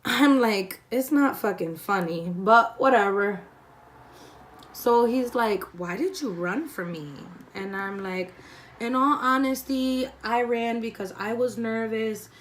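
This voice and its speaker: Her voice a little high and her pace slow, a young woman vlogger does her makeup indoors at home while telling a storytime full of swearing, animatedly voicing the characters she quotes.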